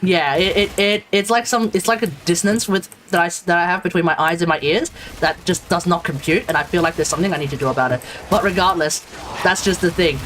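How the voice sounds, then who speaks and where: A man's voice: high-pitched, fast, fairly bright tone, a little hiss or hum. An Australian man streaming a game, chatting casually with viewers, rambling and restarting his sentences. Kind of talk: casual live-stream chat.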